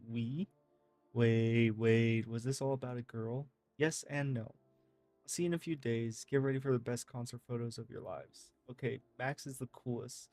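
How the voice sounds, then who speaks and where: A man reading game text messages aloud in a casual, lively way, swearing freely. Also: mid-range voice, dry recording. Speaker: gaming streamer.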